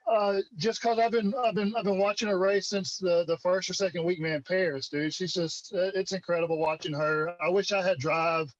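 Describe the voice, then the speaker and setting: A man in his thirties with a Mississippi drawl, a relaxed interview guest on a video call who calls people man and dude. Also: high-pitched, normal speed, few pauses, dry recording, lo-fi sound. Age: 30s. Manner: laid-back drawl, says man and dude a lot. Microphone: computer video call.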